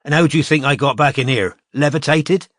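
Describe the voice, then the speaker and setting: A man voicing a gruff, impatient male detective on crutches who talks bluntly, in a dry audiobook recording. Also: a little high, fairly quick, fairly bright tone, no room sound, pitched above the performer's own voice.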